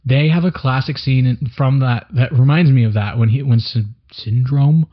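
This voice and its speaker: A man's voice: medium pitch, normal speed. Rambling young man, casual chat. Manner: rambling, loose, swears casually. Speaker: podcast co-host. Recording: dull lo-fi recording.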